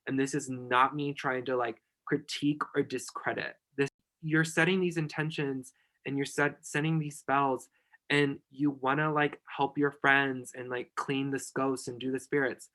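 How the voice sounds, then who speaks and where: A man's voice: mid-range voice, flat delivery, moderate pace, fairly bright tone. A man guest on a podcast, chatting casually and giving emphatic, effusive encouragement. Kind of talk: casual chat.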